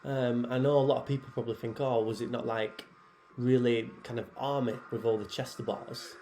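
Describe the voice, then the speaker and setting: A man, head programmer and athlete, talking casually over his own workout footage in a relaxed, chatty way with many fillers. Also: medium pitch, normal speed, a little hiss or hum.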